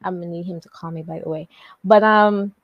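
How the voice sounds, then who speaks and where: A woman with a fairly low, fairly even voice talks briskly as a podcast co-host recapping a wrestling show. It's casual, rambling talk full of fillers and slang, and the recording is dry and muffled.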